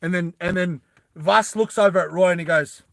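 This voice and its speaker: A man telling a story in a rambling, animated way, full of fillers and asides. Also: sits high, normal speed, creaky, no room sound. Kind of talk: improvised casual storytelling.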